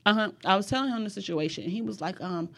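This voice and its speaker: A young woman talks on a podcast, recounting a work story in a lively, unfiltered way. She speaks quickly, with plenty of cursing and asides. Her voice sits at an ordinary middle pitch for a woman. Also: creaky. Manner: animated storyteller, swears freely. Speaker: podcast guest. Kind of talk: casual podcast chat.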